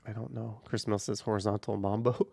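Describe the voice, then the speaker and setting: A man with a low, gravelly, warm voice and flat delivery talks briskly while driving, hosting a casual livestream from a camera on a car mount with no echo. He reads viewer comments offhandedly, rambling and hedging with "I don't know".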